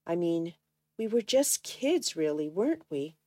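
A woman's voice: fairly low pitch, very animated, unhurried, mellow, no room sound, studio quality. A woman reading a guilty, anxious young woman.

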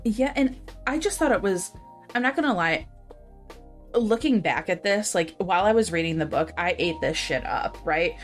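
A woman co-hosting a book podcast, retelling a thriller's plot in a candid, animated way, swearing now and then. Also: medium pitch, moderate pace, soft background music. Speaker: podcast co-host. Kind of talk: casual book discussion.

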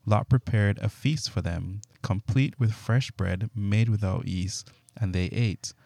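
A man reading scripture aloud in a steady, measured way. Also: on the low side, vocal fry, dry recording. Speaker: Bible reader.

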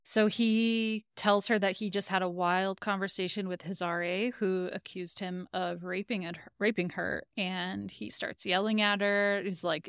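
A woman's voice: mid-range voice, steady tone, moderate pace, hardly any pauses, a bit bright, clean tone, dry recording, studio quality. A woman co-hosting a podcast, casually recapping an episode and retelling scenes in quoted lines. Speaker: podcast co-host.

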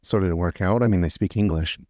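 Low-voiced man chiming in. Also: fast talker, darkish tone, no echo, clean studio sound. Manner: short interjected questions. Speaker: podcast co-host. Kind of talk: casual chat.

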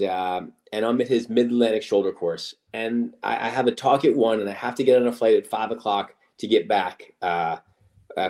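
Brief: low-voiced man, podcast host, halting self-deprecating chatter with restarts. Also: a little mellow. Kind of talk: casual podcast chat.

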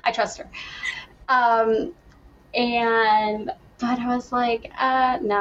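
A young adult woman guests on a podcast, telling her story in a chatty, casual way, laughing often and acting out the lines she said back then. Her voice is a little high, with fairly even intonation and a slow pace. The recording sounds dull and lo-fi, with a little hiss or hum.

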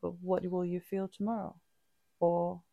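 Low, deeply gravelly woman talking candidly. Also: level tone, no room sound, phone-quality sound. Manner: halting, frequent restarts and fillers; open and reflective. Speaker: podcast co-host. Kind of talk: candid casual chat.

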